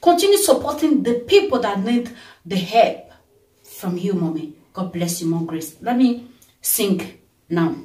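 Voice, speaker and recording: A Nigerian woman vlogger, tired, talking in an animated way and breaking into song and blessings. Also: mid-range voice, measured pace, recorded from a distance. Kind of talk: casual birthday tribute vlog with singing. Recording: roomy sound from off the mic.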